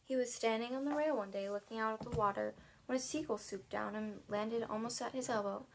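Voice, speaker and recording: A woman's voice: on the high side, fairly quick, slight background noise, low-quality recording. A woman narrating a children's storybook in a casual reading style with occasional restarts and asides. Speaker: audiobook reader.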